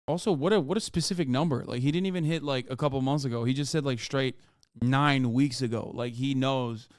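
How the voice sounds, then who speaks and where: A man's voice: mid-range voice, a little fast, no room sound, clean studio sound. A man streaming a reaction, commenting in an exasperated, profane rant. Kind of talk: casual livestream reaction commentary.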